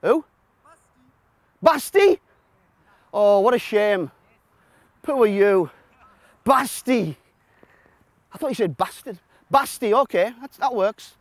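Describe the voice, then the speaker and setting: A man coaching a football session. He shouts instructions to players and explains the system to watching coaches in a blunt, joking way. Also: animated, takes it slowly, long pauses, no echo. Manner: shouting instructions to players on a pitch, then explaining quietly to an audience. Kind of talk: coaching session with live demonstration. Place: outdoor football pitch.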